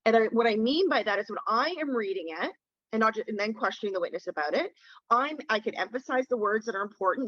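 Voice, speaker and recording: Over a dull, lo-fi phone line, a woman defence lawyer teaches a webinar in a direct, conversational style, hitting key words hard. Her voice sits fairly high and a bit bright, and she talks quickly and animatedly with no echo.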